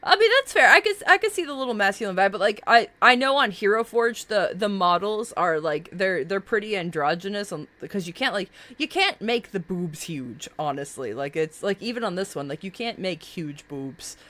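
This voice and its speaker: A woman's voice: medium pitch, expressive, moderate pace, few pauses, bright, forceful tone. Bubbly woman streamer gushing over characters. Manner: bubbly, gushing, filler-heavy. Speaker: streamer reviewing viewers' characters. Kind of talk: casual live-stream chat.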